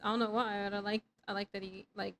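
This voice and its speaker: A woman's voice: medium pitch, level tone, fast, fairly bright tone, a little hiss or hum, poor audio. A woman in her thirties chatting casually with her live chat while playing a game, rambling and swearing freely in self-mocking banter. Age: 30s. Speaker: streamer.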